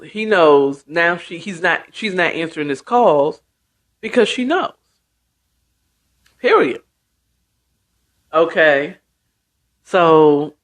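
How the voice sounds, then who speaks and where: A woman's voice: on the low side, lively intonation. A woman hosting a show and casually retelling a book chapter, chatty with many asides. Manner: slow, chatty, full of asides. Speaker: host. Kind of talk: casual storytelling recap.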